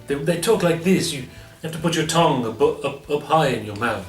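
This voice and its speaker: A man's voice: a little high, lively intonation, normal speed. A man casually chatting as co-host of an album review show, rambling and laughing often. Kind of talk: casual chat. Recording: roomy, slightly distant sound with faint music.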